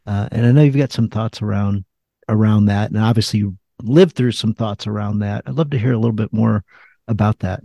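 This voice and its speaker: A man's voice: lowish voice, fairly quick, vocal fry, warm tone, no room sound. A man hosting a podcast interview, asking questions in an encouraging, conversational way. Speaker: podcast host.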